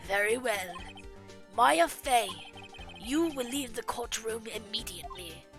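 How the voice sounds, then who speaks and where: A woman's voice: fairly high pitch, takes it slowly, faint music behind. A woman playing a blustering old judge. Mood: formal. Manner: loud, banging out orders. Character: flustered older male judge, easily swayed.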